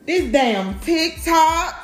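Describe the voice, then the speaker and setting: A woman's voice: very high-pitched, lively intonation, extremely slow, faint music behind. Blunt, profane woman ranting in an echoey room. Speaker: vlogger. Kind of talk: candid monologue.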